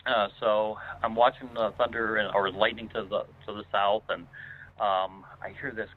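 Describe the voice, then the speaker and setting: Male guest telling a story by phone, lower voice, loose and filler-heavy delivery, phone-thin sound. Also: level tone, normal speed. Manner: rambling, many "uh"s and restarts. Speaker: guest paranormal investigator. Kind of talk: casual spoken storytelling. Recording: tinny phone line.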